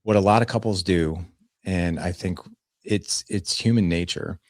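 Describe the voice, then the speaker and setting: With a low, slightly mellow voice and a measured pace, this fatherhood coach in his forties guests on a podcast, sharing anecdotes about family life in a casual interview. He's plain-spoken and earnest, voicing bits of dialogue as he goes. The studio-quality audio has no room sound.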